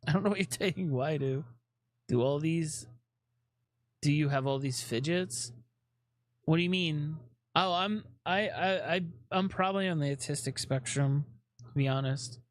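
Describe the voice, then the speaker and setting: A man's voice: fairly high pitch, moderate pace, long pauses. A man chatting casually on a live stream, rambling with lots of fillers, swearing often and fidgeting restlessly.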